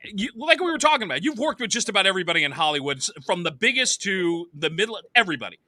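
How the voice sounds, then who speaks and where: A man's voice: high voice, sing-song, sharp tone. A man hosting a podcast, eagerly asking his guest questions in a casual, upbeat way. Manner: eager, quick, upbeat interviewer. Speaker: podcast host. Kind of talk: casual interview.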